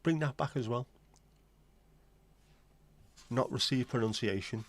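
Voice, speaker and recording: A medium-pitched, slightly slow voice comes from an English livestream host in his forties. His casual chat is blunt and opinionated, and he keeps wandering off into asides.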